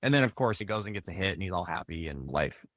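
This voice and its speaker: A man's voice: low-pitched, lively intonation, fast, fairly bright tone, dry recording, studio quality. A man guesting on a podcast as a youth baseball coach, talking loosely and leaning on filler words like "like" and "right?". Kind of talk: casual conversational interview.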